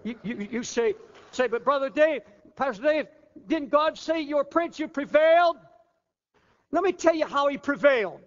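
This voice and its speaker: An older man preaching a fervent sermon as pastor, sinking low and quiet at times, then rising again. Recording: muffled hall recording with long reverb.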